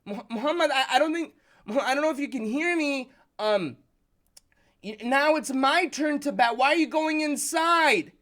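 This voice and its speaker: A man's voice: very high voice, normal speed, a bit bright, voice pushed up. A man doing a whiny, upset young boy. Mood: pleading. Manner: pleading, indignant.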